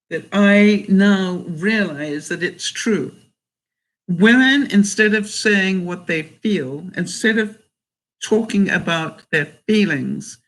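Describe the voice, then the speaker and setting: Outspoken woman vlogger with a bright voice. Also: fairly low pitch, low-quality recording. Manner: outspoken, assertive, emphatic. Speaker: vlogger answering viewer comments. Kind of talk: casual live chat.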